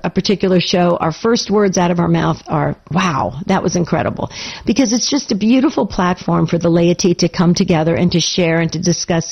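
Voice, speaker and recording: A woman hosting a live call-in radio show, her voice raspy as she recovers, chatty and urging listeners to phone in. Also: medium pitch, dull audio.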